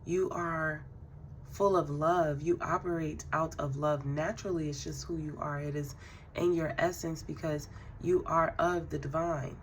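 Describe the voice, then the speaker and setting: A woman doing a spiritual tarot reading. She speaks to the listener directly in a relaxed, affirming way, with fillers and soft laughs. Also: low voice, a little slow, slight background noise. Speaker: tarot card reader.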